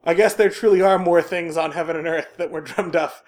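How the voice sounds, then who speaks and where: A woman co-hosting a podcast in casual chat, animated and quick to laugh. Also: fairly low pitch. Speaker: podcast co-host.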